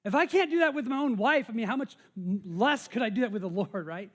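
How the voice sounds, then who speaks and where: High-voiced American man preaching. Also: quick pace. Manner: conversational, with many restarts and repeated words. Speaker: pastor. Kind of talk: sermon.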